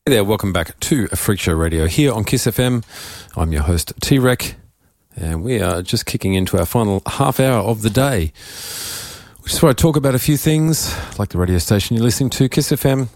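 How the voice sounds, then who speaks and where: Deep-voiced croaky Australian radio DJ. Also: male voice, lively intonation, normal speed, darkish tone, no room sound. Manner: rambling, offhand, self-mocking. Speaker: radio DJ host. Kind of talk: casual radio chat. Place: radio studio.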